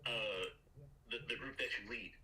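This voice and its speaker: A man's voice: medium pitch, steady tone, normal speed, sharp tone. A man calling into a live show, hesitant and stammering, with a Los Angeles accent. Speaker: caller. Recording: distant call-in audio.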